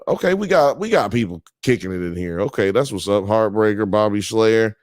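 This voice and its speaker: A man's voice: fairly low pitch, animated, a little fast, dry recording, clean studio sound. A man hosting a live show, reading chat comments and joking around in a loose, profane, casual way.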